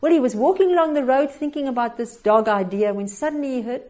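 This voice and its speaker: A woman's voice: on the high side, brisk, few pauses, mellow. A woman preaching a devotional sermon, telling a story expressively with little chuckles and hesitations.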